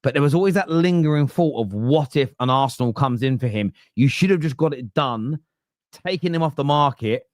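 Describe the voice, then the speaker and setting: A man's voice: mid-range voice, expressive, a little fast, no echo, studio quality. A man hosting a casual football fan debate, rambling through long animal analogies with frequent restarts.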